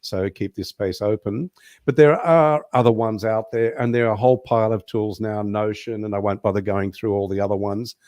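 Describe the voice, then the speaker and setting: Low-voiced man explaining business systems. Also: fairly even intonation, moderate pace, darkish tone, dry recording, studio quality. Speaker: guest. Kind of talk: casual online show interview.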